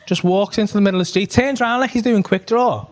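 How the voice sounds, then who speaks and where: A fast-talking man with a high voice works a comedy club stage, spinning a stand-up story packed with profanity. He's lively throughout and laughs along at his own anecdote.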